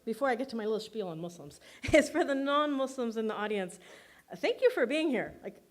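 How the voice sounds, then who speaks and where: A woman's voice: on the high side, sing-song, brisk. Chatty, laughing woman giving a speech. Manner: chatty and self-deprecating, laughs often, filler words. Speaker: filmmaker accepting an award. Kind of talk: award acceptance speech.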